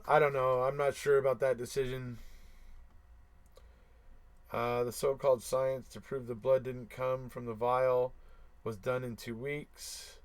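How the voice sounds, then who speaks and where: A mid-range male voice hosts a casual live stream, reading viewers' comments out loud and responding. He repeats himself for emphasis and chuckles between remarks.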